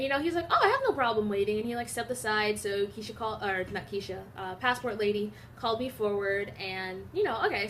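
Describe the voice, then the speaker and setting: A woman's voice: on the high side, fairly bright tone, a little hiss or hum. A young American woman vlogging, telling a story casually with many digressions and fillers. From United States. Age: young adult.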